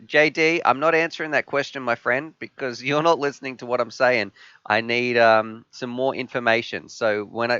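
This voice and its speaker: A man's voice: fairly low pitch, pushed and bright, clear, resonant tone, no echo, lo-fi sound. A man with an Australian accent hosting a live stream Q&A, upbeat as he reads viewer questions aloud and answers them. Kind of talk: live stream Q&A, casual chat.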